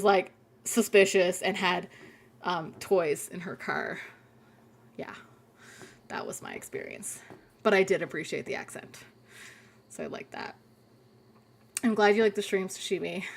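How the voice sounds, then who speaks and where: A young woman, chatting casually on a gaming live stream, telling stories and swearing freely. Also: mid-range voice. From Canada. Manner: chatty storyteller, swears freely, reads chat aloud.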